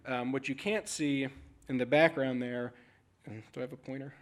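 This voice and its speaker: A man giving a conference talk as an animal services manager, telling stories in a casual, frank, animated way. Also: medium pitch, moderate pace. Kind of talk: conference presentation. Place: conference stage.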